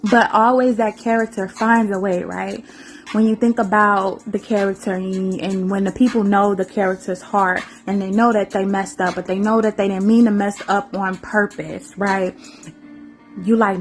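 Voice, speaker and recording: A woman's voice: medium pitch, moderate pace, soft background music. A woman vlogger giving an emotional, rambling spoken-word monologue, laughing often and repeating her phrases.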